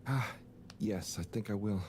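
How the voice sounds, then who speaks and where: An actor playing a gentle, awkward young man in a video game, hesitant and polite, with frequent sneezes. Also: fairly low pitch, measured pace, noisy background, close to an everyday voice. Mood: mild.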